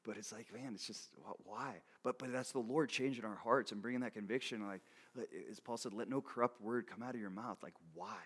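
A man's voice: medium pitch, fairly quick, few pauses, a bit bright, breathy edge. A man preaching a sermon in a casual, conversational way. He often checks in with "okay?", laughs between points and repeats words as he restarts. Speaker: pastor.

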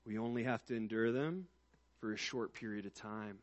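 A man preaching a sermon in a conversational way, swinging from soft, low passages to loud, emphatic ones. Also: normal speed. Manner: conversational, with restarts and asides.

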